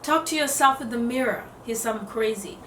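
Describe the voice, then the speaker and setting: A woman giving casual self-development advice to camera, lively, acting out what other people say and laughing often. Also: a little high, brisk, slight background noise. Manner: animated, acts out quotes in voices, laughs often. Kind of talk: casual motivational talk to camera. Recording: echoey room, voice a bit off-mic.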